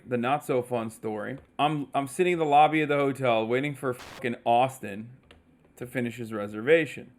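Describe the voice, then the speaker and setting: A man in his thirties, a streamer telling a story casually, swearing often and acting out the other people's lines in quoted voices. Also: medium pitch. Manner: animated, profane, quotes others in put-on voices.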